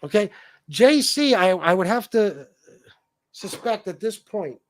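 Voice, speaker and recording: Heated male livestream host, high voice, swearing rant, dry mic. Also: expressive, measured pace, no room sound. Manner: profane, heated, repetitive. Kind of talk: ranting livestream commentary.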